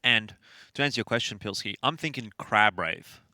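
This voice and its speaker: A man commentating an esports match in a measured, relaxed way with dry humor. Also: on the low side, dry recording. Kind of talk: analytical commentary.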